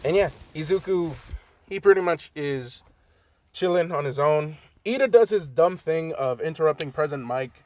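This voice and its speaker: Casual young man, twenties, profane rambler, slightly high voice, dry home room. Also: expressive, moderate pace, a little mellow, no echo. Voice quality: profane, loose, filler-heavy talk. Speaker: fan-story narrator. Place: room at home by a cracked window.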